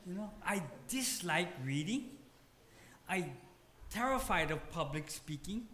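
A man's voice: high-pitched, expressive, measured pace, sharp tone, slight background noise. A male pastor with a Hawaiian Pidgin English accent, preaching a humorous, emphatic, self-deprecating sermon. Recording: roomy hall with faint ambience.

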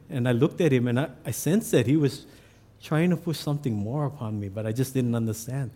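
A man's voice: mid-range voice, a little fast, warm tone. A man, an assistant pastor, telling a personal story in a sermon with self-deprecating humor.

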